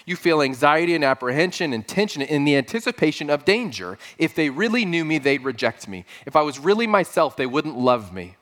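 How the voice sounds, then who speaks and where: A man's voice: a little high, very animated, brisk, few pauses, fairly bright tone. A man preaching a sermon as pastor, earnest and emphatic, building points through repeated phrases.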